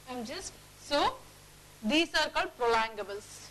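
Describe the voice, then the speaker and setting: A woman teaches a phonics lesson in a classroom, with a high, bright voice and an unhurried pace. She says example words aloud and keeps checking whether the class is following. A faint hum sits behind her. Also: low-quality recording. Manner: drills words aloud, checks with quick questions.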